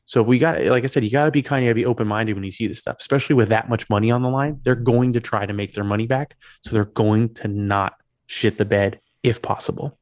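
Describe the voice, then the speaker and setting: A man co-hosting a casual film podcast, explaining his points eagerly and quickly. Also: mid-range voice, no echo, clean studio sound. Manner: animated, quick explaining, demonstrates voices. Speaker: podcast co-host.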